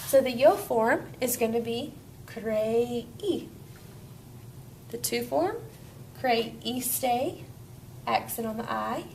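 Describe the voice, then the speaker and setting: A woman's voice: fairly high pitch, extremely slow, creaky, pauses often, darkish tone, a little hiss or hum. A woman teaching a Spanish grammar lesson, walking students through each step in an upbeat way.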